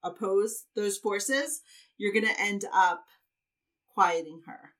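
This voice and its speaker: A woman's voice: mid-range voice, lively intonation, slow pace, a bit bright, distant mic. A woman podcast guest speaking in an encouraging, coaching tone in casual chat.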